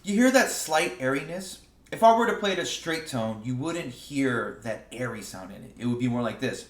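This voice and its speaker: A man teaching saxophone in a relaxed, casual way, often stumbling over and repeating his words. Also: medium pitch, normal speed. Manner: relaxed, explains with sung examples, repeats words. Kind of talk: casual music lesson. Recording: roomy echo.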